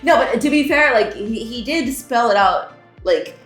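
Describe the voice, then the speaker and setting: A woman's voice: a little high, expressive, a little slow, a bit bright. A young woman hosting a game development livestream, greeting viewers and chatting casually, laughing often and tripping over her words. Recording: roomy echo, faint background music.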